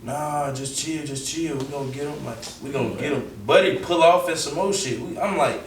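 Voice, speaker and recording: A young man with a Southern US accent, telling a story casually as an interview guest, animated and full of slang, acting out the quotes. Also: on the high side, normal speed, far from the mic. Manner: animated, acts out quotes, heavy slang and profanity. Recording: roomy echo, off-mic, faint background noise.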